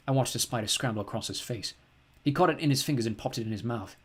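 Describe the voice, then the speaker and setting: A man narrating an audiobook in first person, calm and plain. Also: medium pitch, fast, breathy edge. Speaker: audiobook reader.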